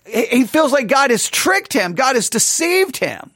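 A man with a very high voice preaching a sermon with raw passion. He stumbles into restarts and breaks into sudden shouts. The sound is dry, recorded close with almost no room around it. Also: big pitch swings, a little slow, breathy edge, no room sound. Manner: impassioned, stammering restarts, bursts of shouting. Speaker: pastor.

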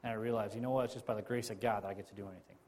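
A man's voice: fairly low pitch, steady tone, rapid-fire, a little mellow. A man preaching a sermon as a pastor, telling a personal story in a conversational way, often repeating and restarting phrases.

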